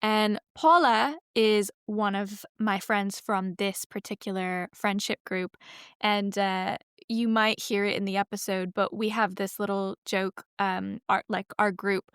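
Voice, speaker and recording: A woman in her thirties hosts a podcast in a chatty, rambling way, often stopping to correct herself. Her mid-pitched voice is smooth and clear. The close recording is dry, with no room echo. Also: fairly even intonation, unhurried, fairly bright tone. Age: 30s. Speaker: podcast host. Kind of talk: casual podcast intro.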